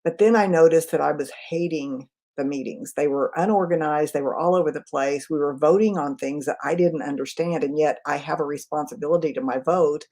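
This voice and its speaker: A woman communication trainer in a live webinar, answering chat questions in a quick, conversational way. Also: low-pitched, a little mellow. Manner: quick, conversational, self-aware.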